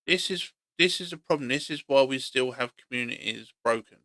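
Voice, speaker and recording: Male vlogger, blunt and argumentative, repeats himself. Bright tone with a tense edge, dry close recording. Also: medium pitch, normal speed, no echo. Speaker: opinion vlogger. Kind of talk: opinionated monologue.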